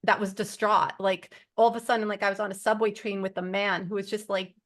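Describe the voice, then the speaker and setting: A woman's voice: medium pitch, level tone, fairly quick, fairly bright tone. Woman rambling on about her spiritual stuff, says like a lot, earnest, chatty group share. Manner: rambling, heavy use of "like" fillers. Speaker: support group member. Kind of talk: casual group sharing.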